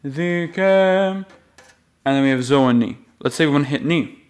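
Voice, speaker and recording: A man giving a patient, step-by-step music lesson, explaining the rules and then slowly singing the note names. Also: mid-range voice, a little mellow. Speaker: music teacher.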